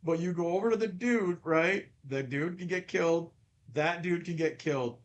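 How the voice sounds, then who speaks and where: A man's voice: fairly high pitch, normal speed, lo-fi sound. A man hosting a podcast in casual chat, rambling and often stammering over repeated words. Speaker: podcast host.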